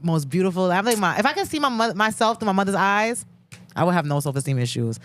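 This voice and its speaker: A young woman comedian co-hosting a casual podcast, expressive and slangy, quick to laugh. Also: medium pitch. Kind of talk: casual chat.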